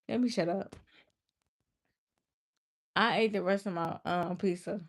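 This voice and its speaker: A woman's voice: mid-range voice, steady tone, measured pace, long pauses. A young woman livestreaming, casually and exasperatedly scolding a viewer in the chat. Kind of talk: casual live-stream talk to chat.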